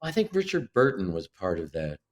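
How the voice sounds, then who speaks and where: A man's voice: low-pitched, huge pitch swings, a little fast. An older man from Illinois, a guest actor, telling stories in a casual interview with many restarts and self-corrections.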